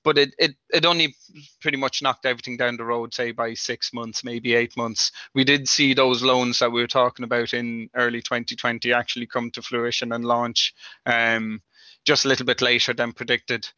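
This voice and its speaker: A man's voice: medium pitch, flat delivery, moderate pace, sharp tone, dry recording, highs cut off. A man answering interview questions about lending, talking in loose, rambling sentences full of "you know, like" fillers. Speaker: industry guest.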